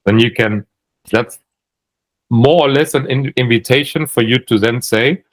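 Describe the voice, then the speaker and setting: A man's voice: mid-range voice, a little slow, poor audio. A man with a German accent coaching on sales calls in casual chat, thinking aloud with many restarts.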